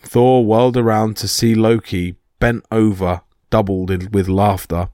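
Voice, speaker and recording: A man hosting a podcast, reading a myth as steady scripted storytelling. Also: lowish voice, a little slow, no room sound, clean studio sound. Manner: steady reading with small slips. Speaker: podcast host and narrator.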